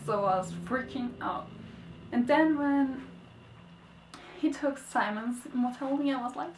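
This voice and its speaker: A young woman reviewing a book in a casual vlog, gushing and excitable, swinging between squeals and sad murmurs. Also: measured pace, a little hiss or hum. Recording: echoey, distant, low-quality webcam audio.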